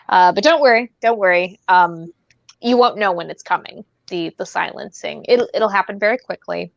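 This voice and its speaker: A woman's voice: mid-range voice, moderate pace, vocal fry, no room sound, highs cut off. Chatty woman podcast host. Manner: rambling, laughs often, many fillers. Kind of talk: casual podcast chat.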